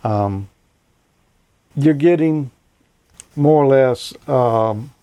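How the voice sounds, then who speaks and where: Man, mid pitch, folksy and relaxed, casual technical talk, dry close sound. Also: extremely slow, no echo. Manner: relaxed, folksy, plenty of "you know" and "uh". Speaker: host.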